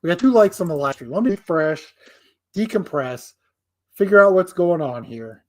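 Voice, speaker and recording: A man's voice: high-pitched, expressive, normal speed. Rambling, foul-mouthed male streamer. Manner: rambling, profane, self-deprecating. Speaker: livestream host. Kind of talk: casual live-stream chat.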